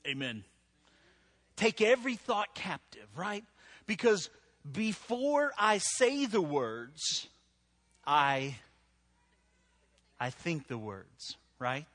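Bright-voiced joking male pastor. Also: high-pitched, big pitch swings, slow pace, pauses often. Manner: joking, conversational, asks the crowd "right?". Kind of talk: humorous sermon. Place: church with a live audience.

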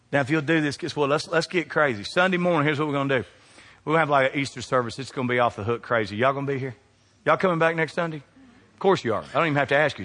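Pastor preaching in an echoing hall. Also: male voice, on the high side. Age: middle-aged. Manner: dynamic preaching, swinging from hushed to loud. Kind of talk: sermon.

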